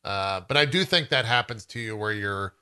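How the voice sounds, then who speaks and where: A man's voice: fairly low pitch, moderate pace, bright, forceful tone, smooth. A man co-hosting a podcast, rambling in a jokey, casual way. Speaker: podcast co-host. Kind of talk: casual chat.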